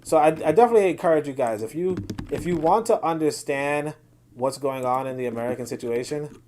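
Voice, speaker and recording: A man's voice: fairly high pitch, fairly quick, darkish tone, slight background noise. A man hosting a casual solo commentary show, reading posts aloud and talking through them in a rambling, blunt way with many fillers and restarts.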